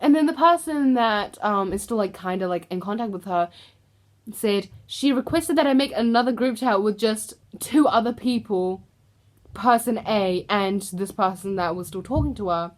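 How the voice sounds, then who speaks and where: A woman's voice: mid-range voice, moderate pace. A young woman YouTuber gossiping casually to camera, chatty and filler-heavy, with exasperated asides.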